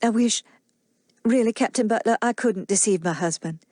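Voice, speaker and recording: A woman voicing a gentle young wife and mother who speaks earnestly and gets flustered easily, pitched a bit above her own voice. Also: normal speed, no room sound, studio quality, close to an everyday voice.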